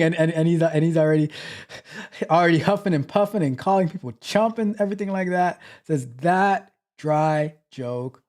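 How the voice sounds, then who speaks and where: A man with a fairly high, darkish voice hosts a tech livestream at a moderate pace. He chats casually, reading viewer comments aloud and teasing them playfully, looping back to the same phrases in a loose, chatty way.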